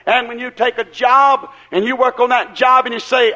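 A man preaching a sermon in a fervent, folksy way, firing rhetorical questions at the congregation and rising into shouts. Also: very high voice, steady tone, moderate pace, few pauses. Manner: acts out quoted people in voices.

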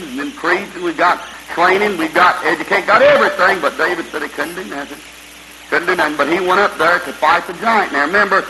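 Male preacher, high ringing voice, folksy storytelling sermon. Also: bright, forceful tone, a little hiss or hum, rough recording. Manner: folksy Southern-style preaching with vivid retold quotes.

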